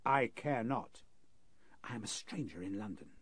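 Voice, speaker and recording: A man voicing a starved, defiant male captive who answers slowly and firmly, in a 1930s radio drama. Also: on the low side, animated, a bit bright, slightly rough, dry recording. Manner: slow, raised, defiant refusals.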